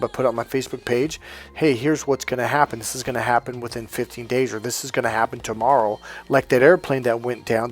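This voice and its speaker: Man, spiritual coach, casual monologue, animated and confident, mid-pitched voice. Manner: animated, self-assured, laughs at his own points.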